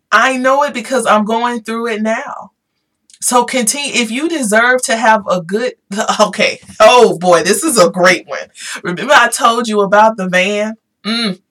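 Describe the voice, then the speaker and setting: A woman talking casually to her viewers, animated and emphatic, repeating her points and growing emotional at times. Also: fairly high pitch. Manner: animated, repetitive, emphatic, Southern-style "y'all". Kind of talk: casual motivational talk to viewers.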